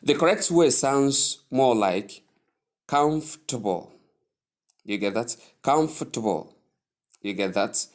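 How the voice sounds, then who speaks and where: A man teaching English pronunciation, repeating each word slowly and carefully and stressing its syllables. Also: medium pitch, expressive. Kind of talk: slow, deliberate pronunciation lesson.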